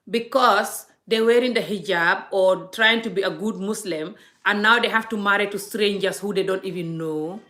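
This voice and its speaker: A woman's voice: fairly low pitch, a bit bright. Earnest woman vlogger from Gambia. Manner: earnest, frequent restarts and repetition. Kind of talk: impassioned casual monologue.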